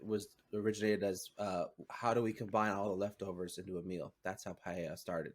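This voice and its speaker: A man's voice: deep voice, level tone, a little fast, crowd noise. Rambling man in a loose podcast chat. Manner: rambling, filler-heavy, self-interrupting. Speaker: podcast co-host. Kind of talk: casual chat.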